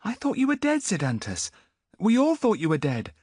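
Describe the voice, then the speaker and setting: A scared young boy, lost and pleading, his voice pushed high and thin, as a male narrator puts him on. He sounds anxious and small. The reading is dry and close with no room around it. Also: wildly swooping pitch, normal speed, darkish tone, husky, no echo, full character voice. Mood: frightened pleading. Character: frightened feverish young boy. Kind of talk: audiobook character voice.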